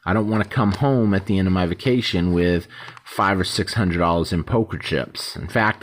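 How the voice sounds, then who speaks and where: A man hosting his own channel, talking casually and rambling, acting out short quoted exchanges. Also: low-pitched. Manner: rambling, conversational, acts out little quoted exchanges. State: yawning, tired. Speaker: YouTube host. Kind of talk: casual talk to camera.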